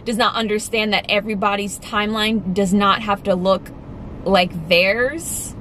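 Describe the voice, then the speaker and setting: A young woman talks straight to camera in a casual vlog, candid and emphatic. Her voice sits mid-range but jumps high when she stresses a point. A faint hum of passing vehicles is behind her. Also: fairly even intonation, a little slow, fairly bright tone. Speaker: vlogger.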